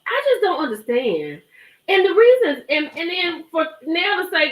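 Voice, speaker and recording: A woman's voice: very high voice, moderate pace. A woman hosting a live stream, chatting emphatically and gossiping about a reality show. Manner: animated, emphatic, chatty, greets viewers. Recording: roomy echo.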